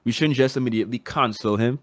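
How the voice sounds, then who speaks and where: A man's voice: medium pitch, fast talker, a little hiss or hum. A man on a podcast giving his opinion casually, hedging with "I feel like" and restarting phrases. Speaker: podcast co-host.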